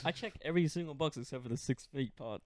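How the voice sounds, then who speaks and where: A young man from Australia swaps crude jokes with a friend on a podcast. His voice sits a little high and sounds close and dry. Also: fast, dry recording. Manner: swears freely, joking riffs. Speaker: podcast co-host. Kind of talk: casual podcast banter.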